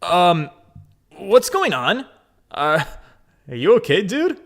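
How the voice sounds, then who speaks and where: A man's voice: sits high, wildly swooping pitch, takes it slowly, creaky, heavily acted. A man voicing a blunt, bewildered young man in a game, talking casually with slang. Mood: worried.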